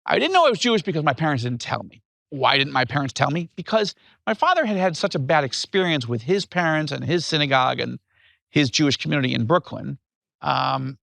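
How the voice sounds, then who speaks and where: A man in his fifties from upstate New York, telling his life story as an interview guest in an animated way. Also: a little high, gravelly, no room sound. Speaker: guest author.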